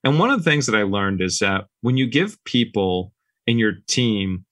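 Man, low voice, dry close sound, relaxed anecdotal podcast guest. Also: normal speed, dry recording. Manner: relaxed, anecdotal, acts out quoted dialogue. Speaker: business owner guest. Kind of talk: casual podcast storytelling.

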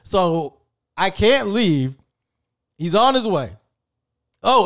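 A man in his thirties casually telling a story in an animated, slangy way, with frequent swearing. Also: sits high, brisk. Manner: animated, profane, slangy and conversational.

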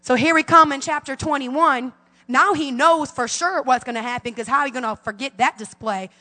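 A woman's voice: high voice, moderate pace, bright, forceful tone, big-room sound. A woman in her forties preaching a fervent sermon as pastor, calling out to her congregation in a church sanctuary. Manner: fervent preaching with call-and-response.

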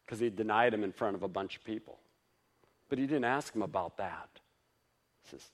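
With a lowish voice and a fairly quick pace, a male pastor preaches, pausing often. He talks informally, as if in conversation, using lively rises for emphasis, soft asides and frequent chuckles.

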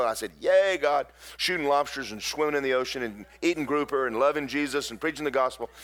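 A man's voice: a little high, a bit bright. A middle-aged man, a pastor preaching a sermon in folksy storytelling with emphatic bursts.

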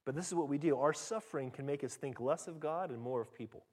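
Dynamic preaching man, higher voice. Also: quick pace. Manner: dynamic preaching, pitch and volume rising sharply when reading scripture aloud; drops to a soft, low, intimate voice for application. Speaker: pastor. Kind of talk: sermon.

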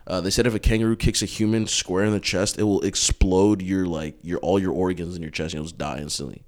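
Deep-voiced fast-talking young man. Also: fairly even intonation, a little mellow. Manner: loose, swearing slang, quick laughs. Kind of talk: casual chat.

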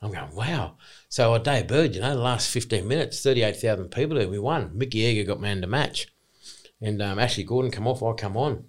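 An Australian man in his forties, a former rugby league player telling his story in an excitable, rambling, emphatic way as a podcast guest. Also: on the low side, a little fast. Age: 40s. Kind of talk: casual podcast interview.

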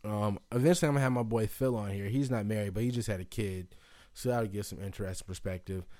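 A man's voice: lowish voice, quick pace, dark tone, no echo, studio quality. Rambling man hosting a casual podcast. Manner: rambling, loose, full of fillers and restarts. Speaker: podcast host. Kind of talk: casual solo podcast chat.

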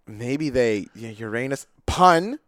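A young man co-hosting a wrestling podcast, guessing answers in an excitable, animated way and cursing when he misses. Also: mid-range voice, takes it slowly, no echo, studio quality. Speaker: podcast co-host. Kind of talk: casual chat, guessing game.

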